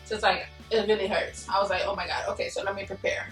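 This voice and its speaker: A young woman tells a story straight to her camera, casual and slangy. She laughs as she goes and acts out the voices of the people in it. Her voice sits at a middle pitch and rings around an echoey room, picked up from a little distance, with faint music behind. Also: flat delivery, fast. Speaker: vlogger. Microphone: camera mic from a distance.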